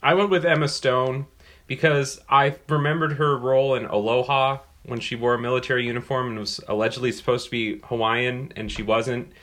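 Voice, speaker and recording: Man, podcast co-host, bright tense voice, dry blunt delivery, casual chat. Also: mid-range voice, little pitch movement, a little fast.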